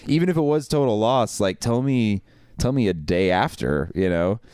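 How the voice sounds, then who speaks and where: Deep-voiced man telling a story. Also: normal speed, smooth, no room sound, studio quality. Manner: animated storyteller, voices others in his anecdotes. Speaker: podcast host. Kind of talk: casual storytelling chat.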